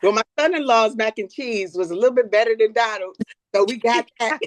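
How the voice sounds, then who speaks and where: An older woman, a guest in a personal conversation, speaks openly in an earnest, reflective way, often repeating words while she collects her thoughts. Her voice is slightly high and a bit fast, on a dry recording.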